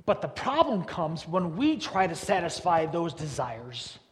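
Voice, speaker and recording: A man's voice: fairly high pitch, sing-song, unhurried. Man preaching a sermon in a reverberant church. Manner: emphatic preaching, building to loud forceful peaks; repeats words for emphasis. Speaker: pastor. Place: church sanctuary. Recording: long reverb of a large church hall.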